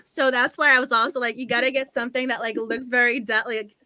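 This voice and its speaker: A woman hosting a cozy book club livestream, gushing and excitable, laughing often. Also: on the high side, quick pace, no room sound. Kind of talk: casual livestream chat.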